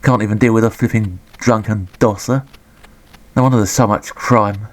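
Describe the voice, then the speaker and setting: Give me a sarcastic man with a low voice, dry and sweary as he reviews a game. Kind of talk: sweary comedic game commentary.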